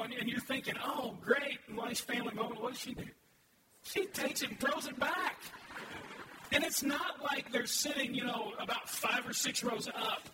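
A man in his thirties preaching a sermon as pastor, talking conversationally and asking the congregation questions. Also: very high-pitched. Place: church sanctuary. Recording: echoey, distant, noisy room recording.

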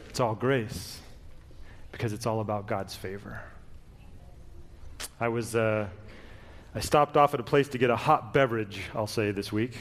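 A man preaching a sermon, telling stories with sudden emphatic rises and quiet, reflective drops. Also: medium pitch, moderate pace, pauses often, a little hiss or hum. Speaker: pastor. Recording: long hall reverb.

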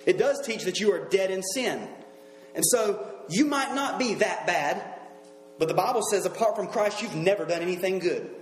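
Earnest high-voiced male preacher, echoey room. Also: animated, a little hiss or hum. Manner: earnest, emphatic preaching with slow scripture readings. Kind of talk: sermon.

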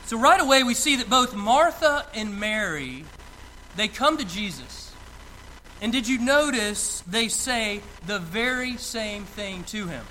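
Slow, high-voiced preaching pastor. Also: male voice, expressive, sharp tone, a little hiss or hum, poor audio. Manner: slow, deliberate preaching with emphatic pauses. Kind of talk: sermon.

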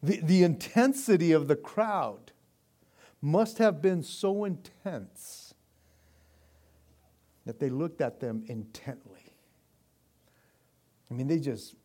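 A man preaching a sermon in a casual, animated way, often repeating himself as he restarts sentences and laughing along. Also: on the high side. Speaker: pastor.

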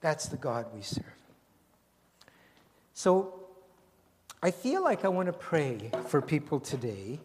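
Gentle older pastor, echoey hall. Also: male voice, a little high, sing-song, a little hiss or hum. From Canada. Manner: gentle, unhurried, repeating phrases, often dropping very soft. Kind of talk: sermon and prayer. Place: church sanctuary. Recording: long hall reverb, faint ambience.

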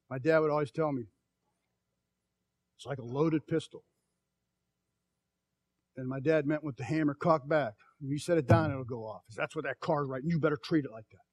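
A middle-aged man preaching a sermon with a fairly high voice. He tells homey stories, drops to near-whispers, then rises to loud, stretched-out calls. The sound is dry and close, with no room echo. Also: fairly even intonation, breathy edge. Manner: swings from soft, slow quiet passages to loud emphatic calls; folksy, tells personal stories. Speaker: pastor.

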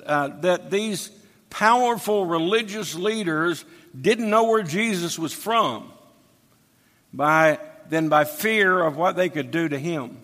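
A man's voice: a little high, a bit bright. A man preaching an expository sermon, reading scripture aloud and explaining it verse by verse. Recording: long hall reverb.

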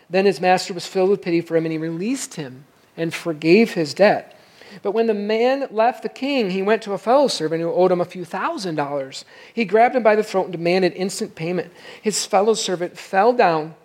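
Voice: mid-range voice, a little mellow. A pastor preaching a sermon in a conversational way, reading scripture aloud and checking in with the listeners. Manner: reads scripture aloud between comments.

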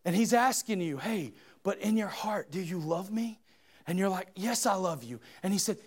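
A man preaching a sermon in church, swinging between loud shouted passages and quiet, hushed retellings of scripture scenes. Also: high voice, lively intonation, normal speed.

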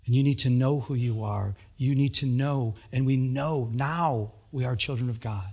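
A man's voice: moderate pace, gravelly, darkish tone, husky. A male pastor giving a sermon in a church, earnest, repeating himself and lifting his voice for emphasis. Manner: earnest preaching that rises in pitch for emphasis, with frequent repetitions.

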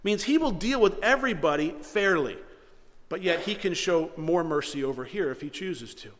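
A pastor preaches with an earnest, conversational drive, now and then slipping into the voices of the people he quotes. His voice sits a bit higher than most men's. It rings out in a hall with a long, trailing reverb. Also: expressive, normal speed, a bit bright, a little hiss or hum. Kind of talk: sermon.

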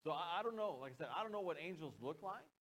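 On a rough recording, an American pastor preaches fast and animatedly, his voice on the high side and a bit bright. His sermon is conversational, with jokes tossed in and questions for the congregation.

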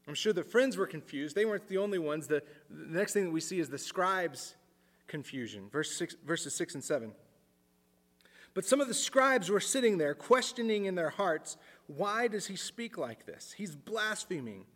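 A man preaching a sermon in an earnest way, repeating words as he thinks aloud and dropping his voice low for emphasis. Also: lively intonation, moderate pace, fairly bright tone, long reverb tail. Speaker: pastor.

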